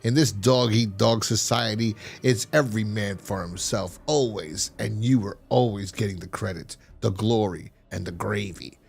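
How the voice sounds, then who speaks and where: A man playing a scheming male scientist who coldly confesses to betraying his friend, in a slow, smug, menacing voice. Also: on the low side, lively intonation, creaky, slightly rough, faint music behind, full character voice. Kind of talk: acting out comic dialogue.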